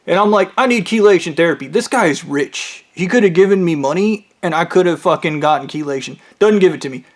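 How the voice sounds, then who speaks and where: A man with a high voice spins a rambling, profane story in monologue, hopping from tangent to tangent. His delivery is loose and swearing-heavy, with quick shifts up and down in loudness.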